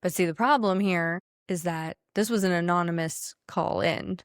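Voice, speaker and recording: A woman co-hosting a podcast, ranting in casual political chat, blunt, sarcastic and quick to swear. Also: on the low side, clear, resonant tone, dry recording, studio quality. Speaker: podcast co-host.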